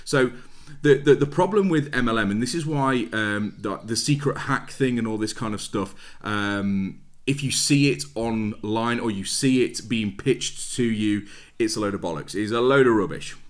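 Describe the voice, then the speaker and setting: A man's voice: on the low side, normal speed. Blunt British man giving business advice. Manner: blunt, plain-spoken, repeats points for emphasis. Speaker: network marketing vlogger. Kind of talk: casual motivational talk to camera.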